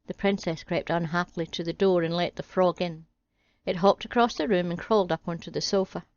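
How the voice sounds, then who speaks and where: A woman's voice: fairly low pitch, fairly even intonation, fairly quick, a little mellow, no echo, dull audio. Wry woman reading a fairy tale. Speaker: storyteller.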